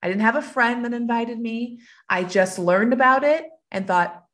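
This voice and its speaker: Calm motivational woman coach. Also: fairly high pitch, normal speed. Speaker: coach and podcast guest. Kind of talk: casual interview chat.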